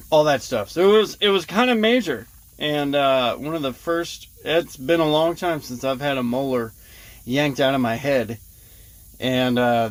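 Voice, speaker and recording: A man talking casually to his vlog audience, rambling with lots of fillers and short laughs as he tells a story. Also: medium pitch. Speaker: vlogger.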